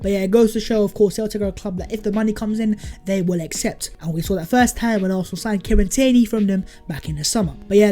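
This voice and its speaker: A young man hosts a football fan vlog, chatty and pumped up. His voice is mellow rather than bright. Faint music plays under the talk. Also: high voice. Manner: hyped, chatty, calls viewers lads. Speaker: football vlogger.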